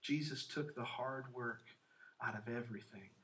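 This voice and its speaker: A man's voice: mid-range voice, normal speed, a bit bright. A man co-hosting a Christian talk show, exhorting listeners with emphatic, repeated phrases. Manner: emphatic, repetitive exhortation with frequent affirmations. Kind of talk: preaching-style faith talk.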